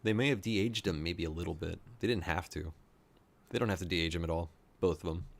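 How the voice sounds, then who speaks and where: Guy doing a casual reaction commentary, lowish voice, gets all worked up and talks it through as he goes. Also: fairly quick, gravelly. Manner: excitable, thinking aloud, gushing. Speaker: reaction video host.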